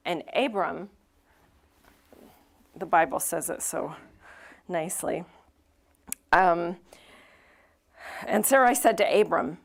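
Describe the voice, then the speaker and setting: Her voice sits low and slow, with vocal fry and frequent pauses. This woman pastor delivers her sermon in a church sanctuary like a relaxed conversation, giving voice to each person in the story with acted-out quotes.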